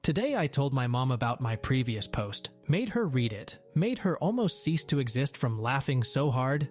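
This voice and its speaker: A man's voice: medium pitch, big pitch swings, normal speed, faint music behind. A man narrating a Reddit post aloud in a wry, sardonic manner.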